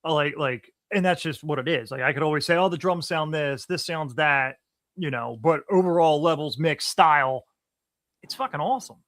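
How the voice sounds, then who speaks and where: A man hosting a podcast over a video call, chatting casually, animated and swearing freely. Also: on the high side, moderate pace, dry recording, studio quality. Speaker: podcast host.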